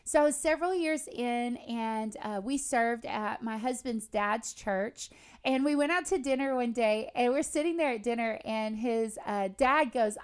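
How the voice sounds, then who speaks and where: Faith podcast host, woman in her thirties, slightly high voice, earnest and conversational. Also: unhurried, clear, resonant tone. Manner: earnest, conversational, personal storytelling. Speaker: podcast host and Bible teacher.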